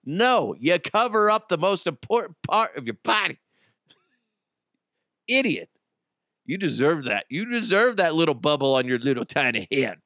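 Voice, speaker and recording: Give me a crude, mocking male podcast host with an animated, slightly high voice, recorded dry and close. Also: moderate pace, pauses often, dry recording. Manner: crude, mocking, laughs at his own jokes. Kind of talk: comedic podcast rant.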